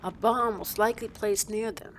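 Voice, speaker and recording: Woman doing a calm curious game hero lady, faint hiss behind. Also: medium pitch, lightly acted. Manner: calm, inquiring, deliberate. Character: composed adult woman hero, inquisitive. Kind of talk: video game character dialogue.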